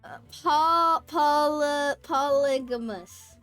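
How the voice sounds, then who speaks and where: A high-pitched woman streamer in a relaxed, unhurried livestream chat. She giggles a lot, swears offhand and stumbles over her words. Faint game music plays behind her.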